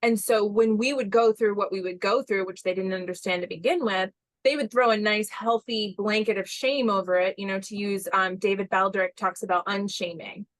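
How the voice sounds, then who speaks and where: A woman in her forties hosting a podcast, tumbling from one thought to the next with quick asides. Her voice sits at an ordinary middle pitch, and the sound is dry and close, with no room around it. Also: dry recording. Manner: animated, rambling, quick asides and acted-out quotes. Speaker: podcast host. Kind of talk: casual conversational podcast chat.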